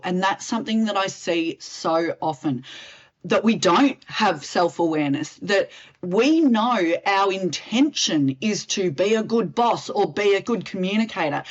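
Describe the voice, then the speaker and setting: A woman explains workplace communication in a direct, lively way, acting out example lines as she goes. Her voice sits at a middle pitch. The recording sounds a little dull and muffled. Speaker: communications specialist. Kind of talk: interview answers, expert advice.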